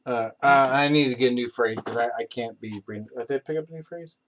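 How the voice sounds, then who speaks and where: Casual male streamer, young, rambling talk with frequent fillers, average pitch. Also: fast, background noise. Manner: rambling, many fillers and restarts. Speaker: streamer practicing accents. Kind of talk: casual live-stream chat.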